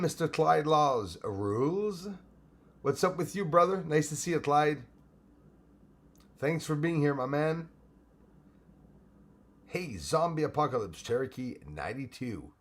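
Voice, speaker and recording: A man's voice: a little high, slightly rough. A man hosting a live stream, chatting casually and greeting viewers by name, rambling with frequent restarts. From Canada.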